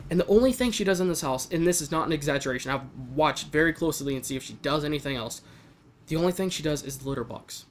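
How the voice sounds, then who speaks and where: A young man talks straight to the camera, venting his frustration in a loose, rambling rant. His voice sits a little on the high side, and he often restarts his sentences mid-thought. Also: fast. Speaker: vlogger. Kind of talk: casual vlog rant.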